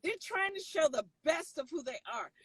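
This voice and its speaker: A woman's voice: high voice, sing-song, normal speed, low-quality recording. A middle-aged woman, a mother, giving her opinion in a casual discussion in an explaining way. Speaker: guest, a mother.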